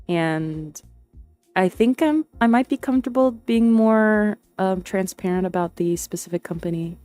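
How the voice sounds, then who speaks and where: A woman's voice: medium pitch, a little slow, mellow, clear, resonant tone, soft background music. A young woman streamer chatting casually and hesitantly, with lots of fillers and restarts. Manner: rambling and hesitant, many fillers and restarts, laughs often. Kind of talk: casual livestream chat.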